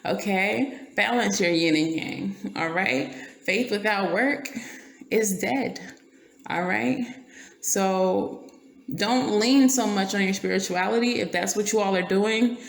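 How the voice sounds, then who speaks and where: A woman's voice: medium pitch, slow, creaky. A woman giving a casual tarot reading, blunt and profane, laughing often and checking in with "okay?". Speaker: tarot reader. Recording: roomy echo, faint noise.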